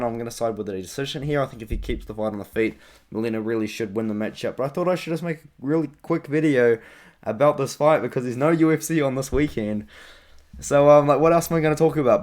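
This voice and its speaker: A man's voice: medium pitch, a little mellow. Chatty young man vlogging fight picks. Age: young adult. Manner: chatty, rambling, frequent ums and uhs. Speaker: MMA vlogger. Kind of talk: casual fight-prediction vlog.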